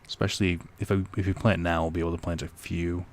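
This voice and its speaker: A man's voice: deep voice, level tone, quick pace, gravelly, a little hiss or hum. A young man giving casual let's-play commentary, rambling and joking with profane asides. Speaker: gaming streamer.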